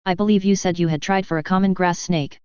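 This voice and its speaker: A woman voicing a wise, very old male wizard headmaster who talks in a measured, courteous way. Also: lowish voice, steady tone, a little mellow, smooth, dry recording, highs cut off, lightly acted.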